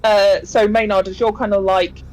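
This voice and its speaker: A woman's voice: medium pitch, level tone, normal speed, a little mellow, poor audio. A woman narrating a tabletop horror game as game master. She talks in a chatty, rambling way, full of fillers and giggles.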